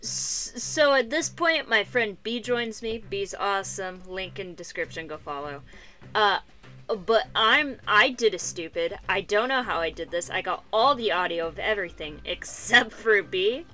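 A woman giving excitable, self-deprecating gameplay commentary and voice-over narration, swearing now and then. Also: mid-range voice, measured pace, faint music behind. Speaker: gaming YouTuber.

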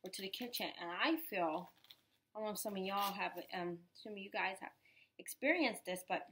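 A woman's voice: mid-range voice, brisk, sharp tone, a little hiss or hum. A woman, vlogging at home after surgery, tired and sore, emotional and apologetic as she rambles. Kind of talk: casual personal vlog.

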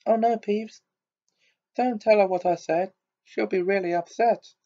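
A man's voice: high voice, a little slow, a little mellow, voice pushed up. A man voicing an anxious, earnest schoolgirl in a storybook reading, on a dull lo-fi recording. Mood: flustered. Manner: earnest, flustered.

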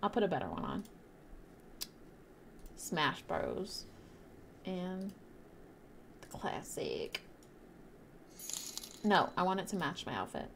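A young woman streaming a game live, chatting bubbly with her viewers and teammates and bursting into loud shrieks. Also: on the low side, wildly swooping pitch, normal speed, creaky, pauses often, slight background noise. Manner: talks to chat and teammates while playing.

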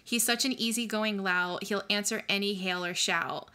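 A woman co-hosting a podcast, chatting casually and telling animated, blunt stories with some swearing. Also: mid-range voice, moderate pace. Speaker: podcast co-host. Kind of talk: casual chat.

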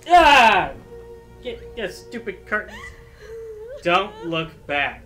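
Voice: mid-range voice, very animated, extremely slow, a bit bright, faint music behind. A gaming streamer giving jumpy, joking commentary on a horror game. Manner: jumpy, exclaiming, joking at the screen. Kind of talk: let's play commentary.

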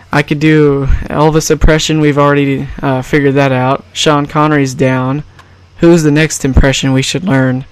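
A man's voice: a little high, clear, resonant tone, dry recording. A man giving casual, rambling and jokey commentary over a baseball video game. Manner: rambling, jokey, self-correcting. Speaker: gaming YouTuber.

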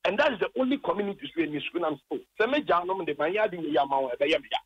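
A man's voice: high voice, expressive, rapid-fire, husky, dry recording, highs cut off. A Ghanaian man, a former district chief executive, calls in to a radio program and complains at length, impassioned and indignant as he retells his arguments.

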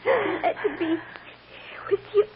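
A woman's voice: extremely high pitch, animated, exaggerated voice. A woman playing a frightened, tearful little girl who clings and sobs, in 1940s radio acting on a dull old radio recording with hiss. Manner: sobbing, halting, clinging.

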